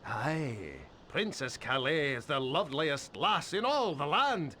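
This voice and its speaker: A man's voice: fairly high pitch, expressive, slow, bright, forceful tone, a little hiss or hum, heavily acted. A flowery, fawning old man. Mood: pleading. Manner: flowery, eager to please, dramatic gasps. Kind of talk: video game voice acting.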